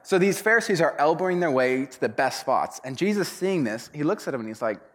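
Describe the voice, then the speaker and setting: Casual, animated male preacher. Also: a little high, brisk, few pauses. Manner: casual, animated storytelling with acted voices. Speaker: pastor. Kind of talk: sermon retelling a parable.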